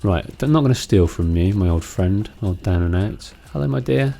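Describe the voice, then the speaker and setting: A man's voice: low-pitched, lively intonation, moderate pace, gravelly, warm tone. A man hosting a let's play, chatting casually and musing aloud about what he sees in a game. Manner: musing, chatty, with fillers and restarts. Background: game music.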